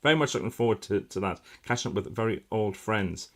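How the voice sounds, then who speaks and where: Middle-aged guy chatting on a live stream, kinda low voice, upbeat and rambly. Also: animated, a little fast. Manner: chatty and upbeat, with frequent fillers and bursts of enthusiasm. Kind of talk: casual live-stream chat reading out viewer comments.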